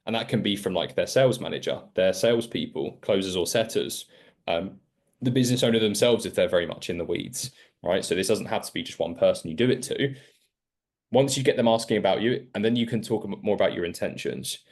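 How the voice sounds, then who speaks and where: A man with a very low voice coaching a student on a call. He is frank and direct, and he chains his advice into long run-on explanations. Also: fairly quick, darkish tone. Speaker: sales coach.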